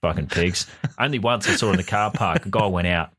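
Australian man, young, very deep voice, sardonic profane co-host. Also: a little fast, a bit bright. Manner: dry, profane, sardonic storytelling. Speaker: podcast co-host. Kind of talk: casual chat.

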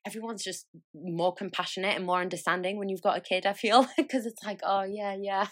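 A young woman, hosting a podcast and telling travel stories in a chatty, animated way, laughing and swearing freely. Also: mid-range voice, a little fast. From France. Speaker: podcast host. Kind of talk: casual chat.

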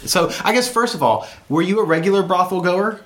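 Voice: medium pitch, fairly quick. A podcast host asking a guest questions in a light, teasing way. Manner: playful, laughs easily while asking questions. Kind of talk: casual interview.

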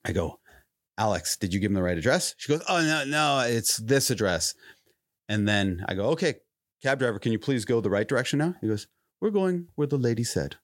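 A young adult man spins a story on a podcast, acting out every quote in bursts of laughter. His pitch sits mid-range but swoops widely as he talks. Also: brisk, dry recording, clean studio sound. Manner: animated, acts out quotes with rising pitch and laughter. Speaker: podcast host. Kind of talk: casual storytelling.

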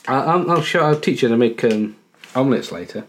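A woman's voice: extremely low pitch, animated, brisk. A woman co-hosting a casual podcast chat, reading facts aloud and laughing often. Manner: giggly, reads facts aloud with frequent laughter. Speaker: podcast co-host.

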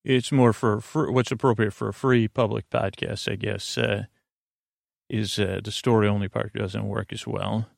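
A man with a gravelly voice rambles through listener reviews on his sleep podcast, halting and restarting often. The recording is dry and close. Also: on the low side, steady tone, dry recording. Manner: meandering, halting, many fillers and restarts.

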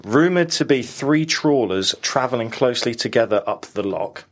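A man's voice: medium pitch, lively intonation, normal speed. Chatty, laughing male podcast host. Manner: chatty, laughs often, self-deprecating. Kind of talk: casual chat.

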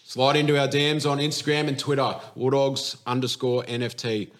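An Australian man hosting a veterans' podcast, speaking at an ordinary pitch. He is loose and unhurried, filling his gaps with um's as he closes out the show. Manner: relaxed, fillers and um's. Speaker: podcast host. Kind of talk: casual podcast wrap-up.

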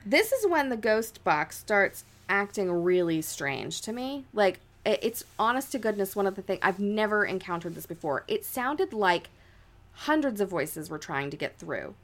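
A woman's voice: medium pitch, very animated, moderate pace. Young woman, podcast co-host, chatty ghost-story telling, lots of fillers. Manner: chatty, many "like" fillers, dramatic quoted voices.

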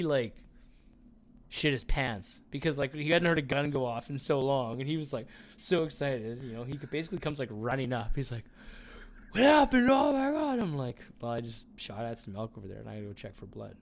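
Male podcast co-host, mid-pitch, loose storyteller who leans on filler words and curses freely. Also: fairly quick, gravelly. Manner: rambling, filler-heavy, profane. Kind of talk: casual chat, storytelling.

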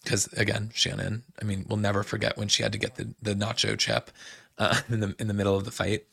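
A man's voice: on the low side, little pitch movement, fairly quick, gravelly, fairly bright tone, slightly rough, no room sound. A male podcast host in a casual recap chat, rambling with lots of "like"s and restarts. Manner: chatty, many "like"s and restarts.

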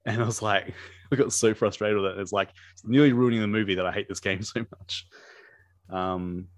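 A man with a fairly low voice chats about a film he is watching, tripping over his words and laughing often. The sound is dry and close, with no room around it. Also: brisk, dry recording. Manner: rambling, laughs often, many fillers and restarts. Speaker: podcast co-host. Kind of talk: casual movie commentary chat.

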